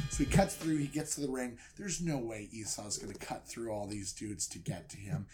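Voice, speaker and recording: A man retelling a story for comedy, swinging from loud outbursts to hushed asides. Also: medium pitch, moderate pace, hardly any pauses, over music.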